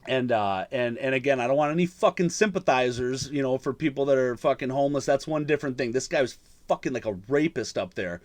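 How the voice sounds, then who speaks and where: A man hosts a podcast over a remote call, spinning a long story in loose, casual chat. He swears constantly, repeats himself and trails through fillers and restarts. His voice sits at an ordinary middle pitch. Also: quick pace. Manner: profane, rambling, lots of fillers and restarts. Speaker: podcast host.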